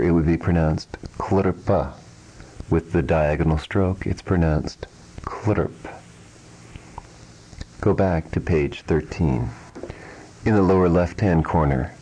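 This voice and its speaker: A man teaching a pronunciation lesson, speaking in a measured, precise way and saying each sound twice. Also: very deep voice, mellow, husky, poor audio. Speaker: language teacher. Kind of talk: slow, deliberate pronunciation lesson.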